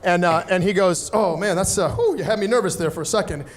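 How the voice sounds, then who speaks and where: Animated man telling a stand-up story. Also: high-pitched, fast talker. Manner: animated, acts out other people's voices. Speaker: stand-up comedian.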